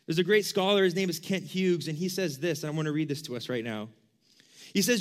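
Young man, youth pastor, casual sermon, high-pitched, chatty, acts out quotes. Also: a little fast. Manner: conversational, lots of 'like', acts out quoted questions.

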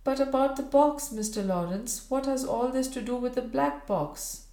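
A woman's voice: high voice, normal speed, warm tone, voice pushed up. Brief: woman voicing a tender Victorian lady, raised and emotional, echoey room. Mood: anxious. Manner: eager, then tearful and pleading. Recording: roomy echo.

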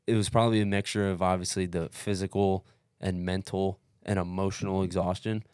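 A man's voice: low-pitched, flat delivery, brisk, a little mellow, clear, resonant tone, no room sound, studio quality. A man telling a long race story in casual podcast chat, blunt and emphatic, swearing constantly. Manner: blunt, heavily profane, emphatic. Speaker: podcast co-host recounting a race.

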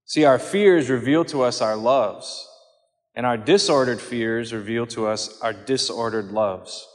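Guy giving a homily in a church, earnest, takes his time, mid voice, big echoey hall. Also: mid-range voice. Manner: measured and earnest, slowing for quoted words. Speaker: priest. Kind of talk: homily on scripture. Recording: long hall reverb.

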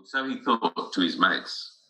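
A middle-aged man with a low-pitched voice and a very bright, forceful edge. He speaks earnestly and tells stories, often restarting his sentences mid-thought. His tone stays hard and cutting throughout. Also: sing-song, unhurried, low-quality recording. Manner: earnest, storytelling with frequent restarts. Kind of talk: casual conversation.

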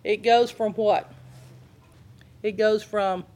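A woman's voice: mid-range voice, steady tone, takes it slowly, mellow. A woman giving a conversational Bible teaching and asking her listeners questions. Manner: conversational, asks the audience questions.

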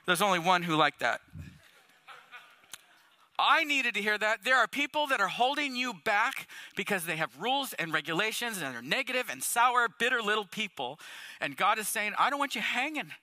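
Bright high-voiced preaching man. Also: moderate pace, no echo. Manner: animated, conversational preaching with rhetorical questions. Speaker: pastor. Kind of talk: sermon.

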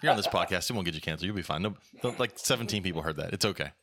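A man's voice: low-pitched, expressive, rapid-fire, a loud crowd. A man hosting a podcast, blunt and sarcastic, ranting casually. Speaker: podcast host. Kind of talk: casual chat.

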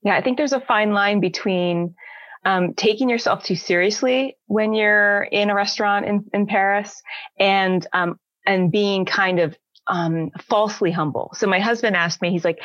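A woman's voice: mid-range voice, normal speed, a bit bright, dry recording, muffled recording. A woman hosting a casual interview, thinking aloud and asking long questions. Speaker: host.

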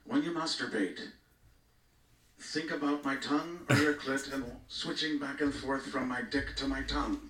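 A man's voice: mid-range voice, moderate pace, pushed and bright, recorded from a distance, slight background noise. Laughing man, off-mic, echoey. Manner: laughing through crude lines. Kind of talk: casual chat, reading a crude tweet aloud. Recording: roomy, off-mic, with music behind.

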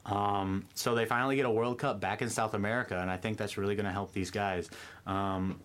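Lowish-voiced guy breaking down soccer stats, steady, lots of ums. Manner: measured, explanatory, many ums. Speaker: sports pundit. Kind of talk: casual sports chat.

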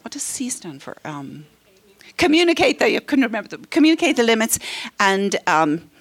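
A woman's voice: a little high, big pitch swings, normal speed. A middle-aged woman counselor leading a parenting workshop, friendly, often laughing and acting out what parents and children say. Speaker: counselor teaching a parenting class. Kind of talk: workshop talk to a live group.

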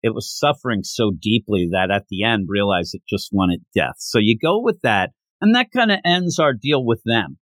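A man co-hosting a casual manga discussion podcast, retelling scenes in an animated way and acting out the characters' lines. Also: lowish voice, normal speed, hardly any pauses, no echo. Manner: animated retelling with acted-out quotes. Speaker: podcast co-host.

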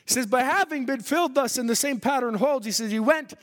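A man pastor delivers a sermon in a very high voice, swinging between driven, loud stretches and hushed ones. The church hall around him rings with a long reverb. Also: fairly quick. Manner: fervent preaching, swinging between loud and quiet.

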